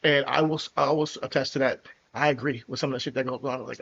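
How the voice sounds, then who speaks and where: A man from New Jersey hosting a casual podcast chat, talking in a relaxed, conversational way. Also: mid-range voice, quick pace, creaky, slight background noise. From New Jersey, USA. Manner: relaxed, conversational, some restarts. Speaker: podcast host. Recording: slightly dull lo-fi audio.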